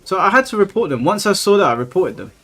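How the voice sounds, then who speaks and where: A man's voice: sits high, very animated, fast, a bit bright. A young man, chatting casually and ranting with plenty of swearing on his live stream, exasperated.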